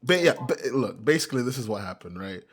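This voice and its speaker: A man's voice: medium pitch, big pitch swings, fast, fairly bright tone. A young man co-hosting a casual podcast, joking, swearing and laughing often. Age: young adult. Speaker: podcast co-host.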